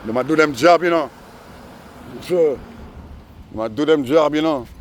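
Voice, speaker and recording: Here the vlogger's voice is a little high and his speed normal. Outdoors, with faint traffic in the background, he rambles casually and keeps tossing in "you know."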